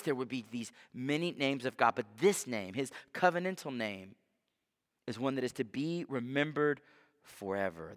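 Male pastor, bright forceful tone, casual sermon delivery. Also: medium pitch. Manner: conversational preaching, acts out quoted voices. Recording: long reverb of a church hall.

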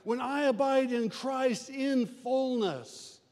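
Man, midwestern roots, folksy conversational preacher; very high pitch, long hall reverb. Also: takes it slowly, a little mellow. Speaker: pastor. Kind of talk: sermon.

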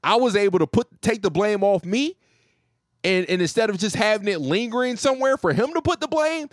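A man telling a profane, joking story about his telemarketing job, animated and casual. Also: sits high, brisk, dry recording, clean studio sound.

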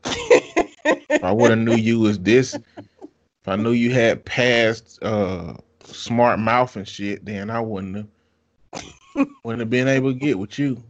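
A man's voice: medium pitch, big pitch swings, slow pace, pauses often. A man in casual conversation, giving blunt, profane advice. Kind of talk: casual chat. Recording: dull lo-fi sound.

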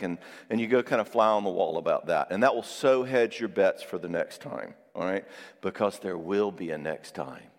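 A middle-aged man giving a sermon on marriage, acting out quotes with lively storytelling and checking in with his listeners. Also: on the low side, normal speed. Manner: animated storytelling with acted-out quotes; engages audience with frequent "all right?" asides. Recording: long hall reverb.

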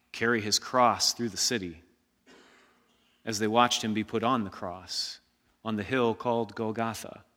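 Slow, bright-voiced male preacher. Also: on the low side, long reverb tail. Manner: slow, emphatic preaching with call-and-response shouts. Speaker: pastor. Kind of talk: sermon.

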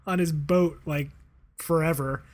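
A man chatting casually as a podcast co-host, relaxed and rambling, with lots of fillers and laughter. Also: fairly high pitch, measured pace. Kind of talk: casual chat.

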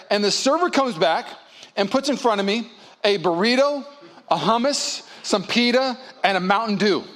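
A young man preaching a sermon as a pastor, animated and storytelling, acting out little scenes in character voices. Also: high-pitched. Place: church auditorium.

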